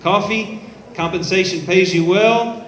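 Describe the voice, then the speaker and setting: A man giving a live sales pitch to an audience, upbeat and persuasive, talking straight to the crowd at an event in a showroom. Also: unhurried. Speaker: company presenter. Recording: echoey room, faint background noise.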